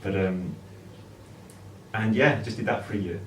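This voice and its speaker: A man's voice: fairly low pitch, a little slow, fairly bright tone, distant mic. A man guest telling a rambling, anecdotal story in casual chat. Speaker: film guest. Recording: echoey room, noise in background.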